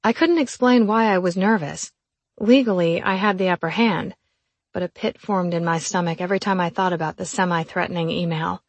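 A woman reads a first-person novel aloud with a calm, measured delivery. Her voice is on the low side and sounds close and dry. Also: no room sound. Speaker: audiobook narrator.

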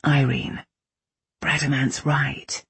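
Brooding protective young man, as a woman reads him, low, husky mutter. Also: unhurried, no echo, heavily acted.

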